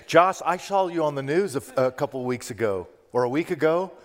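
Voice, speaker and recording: A man's voice: fairly high pitch, animated, fairly quick, in a large hall. A man preaching a sermon as pastor, telling a story and talking directly to the congregation in a conversational way. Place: church sanctuary.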